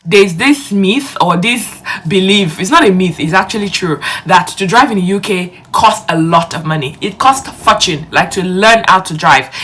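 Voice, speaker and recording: A woman's voice: medium pitch, pushed and bright. A young woman, talking to her viewers in a chatty, casual vlog. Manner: chatty, addresses viewers directly. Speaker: vlogger. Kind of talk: casual vlog talk to camera.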